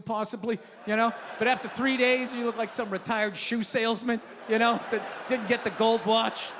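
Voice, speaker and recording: A man's voice: sits high, background noise. A middle-aged man doing a stand-up comedy routine, profane and ranting as he mocks himself. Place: comedy stage in a large hall. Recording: live hall with reverb, faint ambience.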